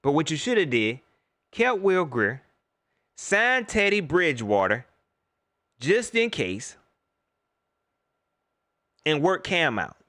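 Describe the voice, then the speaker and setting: A middle-aged man rants into his laptop mic during a livestream. His voice sits high and bright, and it leaps and drops as he gets worked up. The sound is dry and close. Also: slow pace, pauses often, dry recording. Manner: animated, rants, greets chat viewers by name. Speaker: host. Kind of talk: livestream sports rant.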